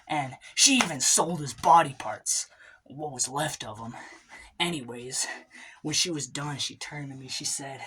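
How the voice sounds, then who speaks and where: Low-voiced deadpan comic storyteller. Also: female voice, a little hiss or hum. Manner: deadpan, casual, drawling. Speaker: comedian.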